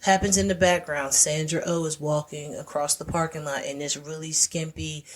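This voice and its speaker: A woman podcast co-host in casual chat, retelling a film plot with lively storytelling and lots of "like" fillers. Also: deep voice, moderate pace. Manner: animated storytelling, heavy "like" fillers.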